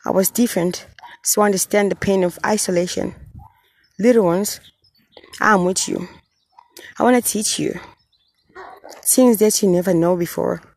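A woman speaking as God, giving a tender, solemn message to his children in earnest, halting, repetitive phrases. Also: medium pitch, creaky, darkish tone, breathy edge. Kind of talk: channelled message, spoken as God.

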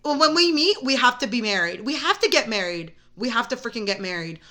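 A young woman hosting a solo podcast, telling a story in an excitable, rambling way full of "like". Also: fairly high pitch, brisk. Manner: rambling, excitable, heavy use of "like". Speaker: podcast host. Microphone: camera mic.

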